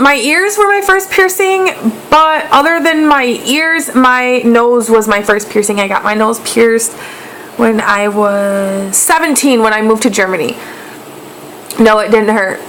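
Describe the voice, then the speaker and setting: A young woman talks in a slightly high, chatty voice, filling her stories with "like" and "um" and dropping casual swear words. Her delivery is animated and informal, as in a home video blog, with a faint hiss of background noise. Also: slow pace, rough recording. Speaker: beauty vlogger. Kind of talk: casual chat.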